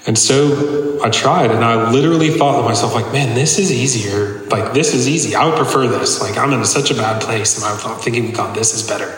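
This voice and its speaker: A man's voice: mid-range voice, brisk, fairly bright tone. A man preaching a personal testimony to a congregation in a conversational, earnest way, full of casual fillers. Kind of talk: sermon testimony. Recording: echoey hall, long reverb.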